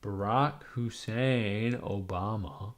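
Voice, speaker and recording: A young man with a raspy, hoarse voice from being sick, rambling irreverently on a live stream with lots of fillers. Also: on the low side, takes it slowly. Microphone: webcam mic.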